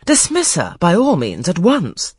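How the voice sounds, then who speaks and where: A haughty, dismissive noblewoman, as voiced by a reader in a storybook reading. Her pitch leaps widely, and the tone is husky and dry. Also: wildly swooping pitch, measured pace, dry recording, exaggerated voice. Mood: disdainful. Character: haughty aristocratic lady.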